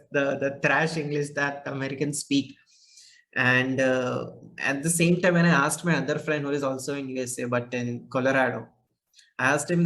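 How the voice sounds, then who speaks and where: Male podcast host with an Indian accent, chatty and halting, mid-pitched. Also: fairly bright tone, a little hiss or hum, low-quality recording. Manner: hesitant, restarts and fillers. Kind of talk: casual interview chat.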